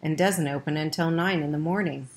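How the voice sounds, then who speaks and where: A woman's voice: deep voice, brisk. A woman voicing a middle-aged father, exasperated and helpless.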